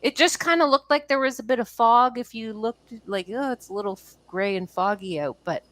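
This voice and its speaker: A woman's voice: a little high, fairly quick, fairly bright tone, dry recording, low-quality recording. A woman from Canada co-hosting a podcast, chatty and playfully teasing as she explains things at length. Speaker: podcast co-host. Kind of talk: casual chat.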